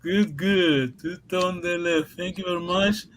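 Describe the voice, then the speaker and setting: A man with a high voice leads a language lesson over a video call. He speaks patiently and haltingly, repeats himself and laughs often. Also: steady tone, a bit bright, a little hiss or hum, rough recording. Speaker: language teacher. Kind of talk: online language class.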